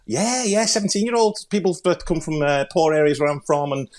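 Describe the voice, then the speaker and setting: Scouse male commentator, rapid-fire, cheeky banter on a podcast. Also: a little high, animated, a little mellow. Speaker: football commentator. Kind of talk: casual podcast chat.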